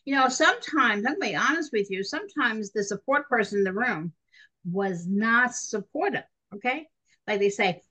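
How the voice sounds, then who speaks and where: A middle-aged woman teaching a nursing class in a chatty, animated way, talking straight to her students. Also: on the high side, moderate pace, low-quality recording. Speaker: nursing instructor. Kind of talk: recorded classroom lecture.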